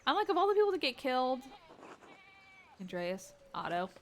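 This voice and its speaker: Jittery higher-voiced woman streamer. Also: very animated, moderate pace, slight background noise. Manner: reactive, anxious exclamations while playing. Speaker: game streamer. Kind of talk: casual game commentary, reading dialogue aloud.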